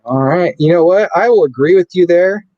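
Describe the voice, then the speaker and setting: A man's voice: high voice, moderate pace, no echo, dull audio. A man co-hosting a podcast, chatting casually and playfully, sometimes stumbling over names. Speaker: podcast co-host. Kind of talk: casual sports chat.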